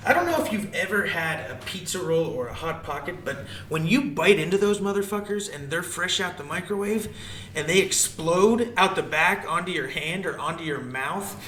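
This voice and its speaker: Male co-host, higher and bright, off-mic echoey sound, halting then animated. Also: distant mic. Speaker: podcast co-host. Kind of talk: casual chat. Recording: echoey, off-mic with faint room noise.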